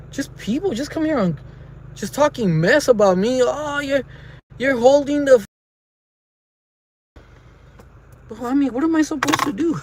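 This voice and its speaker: A man vlogging from his car in traffic, rambling and venting at his viewers, recorded on a phone on a dash mount. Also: high-pitched. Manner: rambling, frustrated, talks to viewers as guys. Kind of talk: casual driving vlog. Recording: car interior with faint road hum.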